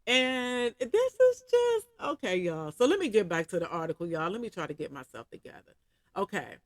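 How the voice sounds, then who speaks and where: A woman's voice: medium pitch, normal speed, dry recording. Lady reading an article to her viewers, keeps stopping to rant at y'all, dry sound, no room. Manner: reads out an article, breaks off often to talk to viewers with excited asides; keeps calling the audience y'all. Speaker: video commentator reading a news article aloud. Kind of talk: casual reaction commentary.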